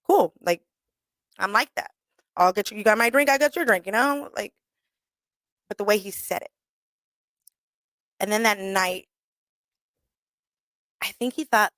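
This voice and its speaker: A woman's voice: mid-range voice, a little slow, pauses often, dry recording. Brief: outspoken woman radio host, swears freely, dry studio sound, mid-range voice. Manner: blunt, profane and animated, acts out quoted voices. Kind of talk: candid storytelling monologue. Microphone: studio microphone.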